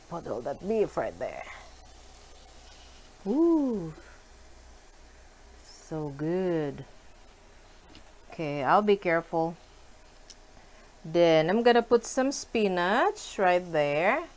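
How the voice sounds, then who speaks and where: Slow-talking excitable woman cooking. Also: on the low side. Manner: excitable, giggly, addresses viewers as guys. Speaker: cooking vlogger. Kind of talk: casual cooking chat to viewers. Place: home kitchen.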